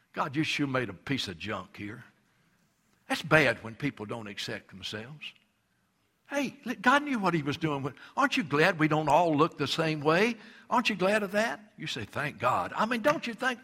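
A man's voice: high voice, sharp tone. A male pastor preaching a sermon, emphatic and repetitive, acting out quoted voices.

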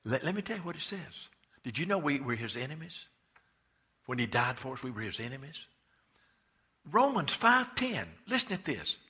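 A man preaching a sermon with fervor, swinging between loud impassioned cries and quiet, hushed asides. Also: fairly high pitch, sing-song, normal speed, pauses often, slightly rough. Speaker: pastor.

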